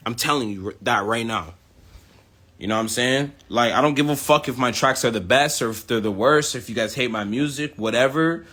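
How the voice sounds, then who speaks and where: A man's voice: mid-range voice, a bit bright. Young man ranting boastfully. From United States. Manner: boastful, profane, confrontational. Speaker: rapper. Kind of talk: ranting monologue.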